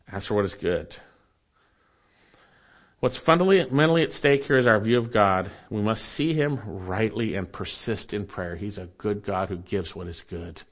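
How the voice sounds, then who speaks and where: A man preaching a sermon to his congregation, reading scripture aloud and earnestly repeating his key phrases. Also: on the low side. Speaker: pastor.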